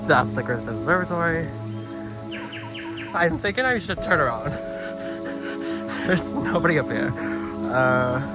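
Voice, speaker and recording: A young man with a mid-pitched voice talks straight to his viewers on a phone-held vlog, chatty and excitable. He pokes fun at himself and keeps calling the audience "girl". Music plays clearly behind him. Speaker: vlogger. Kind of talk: casual vlog chat to camera. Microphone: phone held while talking.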